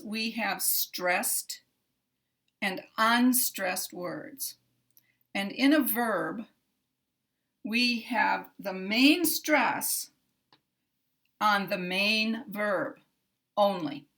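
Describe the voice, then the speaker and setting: A woman teaching English pronunciation, explaining sounds in a careful, measured way and repeating example sentences. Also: medium pitch, vocal fry, a bit bright. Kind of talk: slow, deliberate pronunciation lesson.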